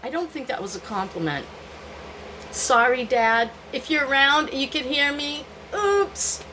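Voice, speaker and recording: A woman's voice: sits high, expressive, measured pace, pushed and bright, a little hiss or hum, poor audio. An older woman vlogging, telling candid stories from her own life and often laughing at herself. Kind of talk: personal storytelling to camera.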